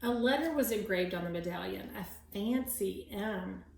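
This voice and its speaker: A woman's voice: mid-range voice, moderate pace, gravelly, roomy sound, rough recording. A woman reading a children's book aloud as a teacher, with chatty asides to her young listeners. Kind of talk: read-aloud storytelling.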